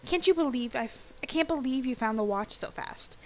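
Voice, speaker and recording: A bubbly teenage girl from a riding game gushes in a high, excited valley-girl voice, as a woman puts her on. She shows off and squeals with delight. The voice jumps well above the reader's usual pitch. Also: normal speed, slight background noise, low-quality recording.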